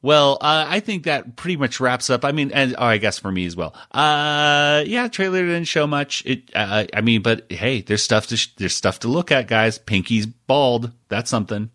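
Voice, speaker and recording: A man's voice: medium pitch, animated, moderate pace, hardly any pauses, pushed and bright, no room sound, studio quality. A man hosting a podcast in casual chat, rambling, often laughing and breaking off mid-sentence. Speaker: podcast host.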